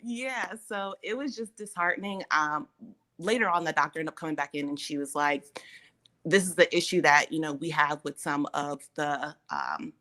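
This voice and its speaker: A woman hosting a casual chat, telling a personal story in an animated way, acting out the people she quotes and laughing between lines. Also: deep voice, normal speed.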